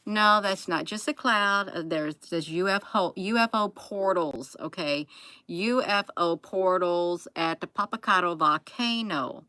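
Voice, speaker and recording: A woman's voice: on the low side, unhurried, bright, forceful tone, no room sound, low-quality recording. A tired woman hosting a late-night livestream, folksy, repeating her phrases and calling viewers "you all". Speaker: channel host.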